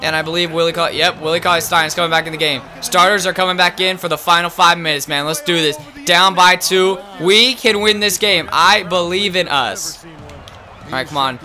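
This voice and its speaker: A young man commentating his own basketball video game, muttering, then shouting at big plays. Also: high voice, fairly quick, soft background music. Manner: swings between muttering and excited shouting. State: nervous, voice strained. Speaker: gaming YouTuber. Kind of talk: live gameplay commentary.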